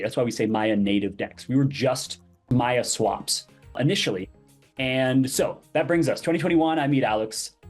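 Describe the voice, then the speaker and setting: A man spinning a story as a podcast guest, animated, slipping into the voices of the people he quotes. His pitch sits in the middle range. Music plays faintly underneath. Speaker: podcast guest, crypto project founder. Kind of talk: casual interview storytelling.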